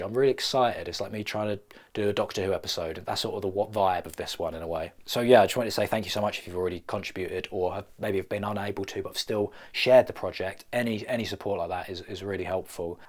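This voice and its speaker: A young man, a filmmaker, rambling through a playful, self-mocking comedy vlog. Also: low voice. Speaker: filmmaker vlogger.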